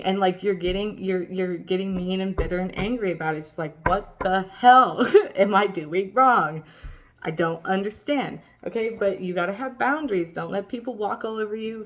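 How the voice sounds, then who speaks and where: Casual swearing woman reading tarot. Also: mid-range voice. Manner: swears freely, reassuring, rambling. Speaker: tarot reader.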